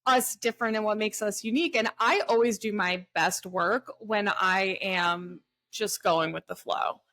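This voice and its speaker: A woman's voice: medium pitch, a little slow, bright, forceful tone. Woman co-host, casual chat, rambling and candid, blunt when frustrated. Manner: candid, gets heated and swears when frustrated; talks in loose, rambling runs with many fillers. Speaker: podcast co-host.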